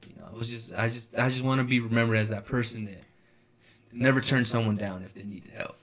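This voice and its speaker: A man's voice: medium pitch, fairly even intonation, fast talker, a bit bright. A young man co-hosting a casual podcast chat, rambling at length with lots of swearing and "you know, like" fillers. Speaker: podcast co-host.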